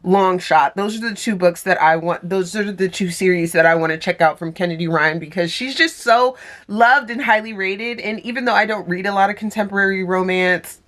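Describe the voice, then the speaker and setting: A woman's voice: medium pitch, a little fast, a bit bright. A young woman chatting in a casual reading vlog, gushing and chatty with many fillers. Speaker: book vlogger.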